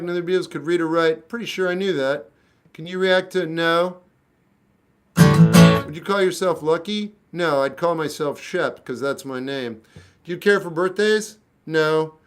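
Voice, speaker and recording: Blunt deadpan man in his fifties. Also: fairly high pitch, a little slow. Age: 50s. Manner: blunt, deadpan one-word answers. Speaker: musician answering live chat questions. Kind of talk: casual live-stream chat.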